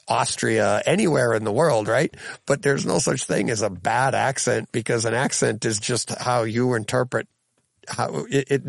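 Chatty man with a gravelly low-middle voice. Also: dry recording. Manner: rambling, chuckles often, restarts sentences. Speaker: podcast host. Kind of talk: casual podcast chat reading listener comments.

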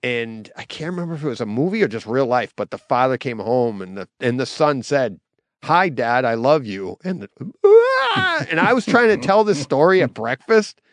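A middle-aged man, co-hosting a podcast and telling stories in a lively, laughing way. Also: medium pitch, fairly quick, hardly any pauses, no echo. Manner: animated storyteller, laughs easily. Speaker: podcast co-host. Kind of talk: casual chat.

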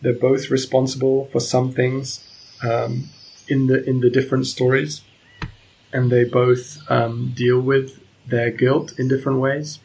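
A man with a gravelly, husky voice talks casually about novels, pausing often on ums and restarts. His pitch stays flat and level throughout. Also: rough recording. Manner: hesitant, many ums and restarts. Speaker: book discussion presenter. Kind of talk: casual literary talk.

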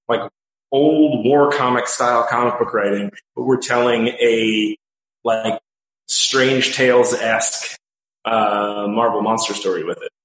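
Male co-host, mid pitch, dry wit, roomy echo on the mic. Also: fairly bright tone. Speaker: comic book writer and podcast co-host. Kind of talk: casual chat.

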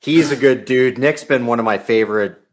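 A relaxed man chatting casually as host. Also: mid-range voice, moderate pace. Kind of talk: casual chat.

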